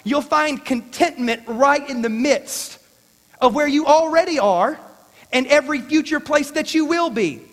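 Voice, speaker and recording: A man's voice: extremely high pitch, unhurried, a bit bright. A male pastor delivering a sermon in a conversational, folksy way with jokey asides. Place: church sanctuary. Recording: church hall reverb.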